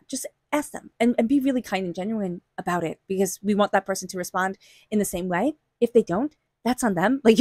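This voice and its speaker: A woman reads tarot in a loose, chatty way, reassuring and quick to laugh as she talks straight to the listener. Her voice sits in a middle pitch. It sounds close and dry, with no room around it. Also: darkish tone, no echo. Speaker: tarot reader. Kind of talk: casual spoken tarot reading.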